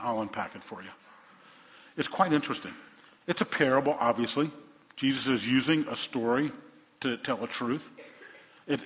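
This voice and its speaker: A man's voice: medium pitch, a bit bright. A man preaching a sermon as pastor. He talks earnestly, repeats his words and asks his listeners questions. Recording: echoey hall, dull lo-fi sound.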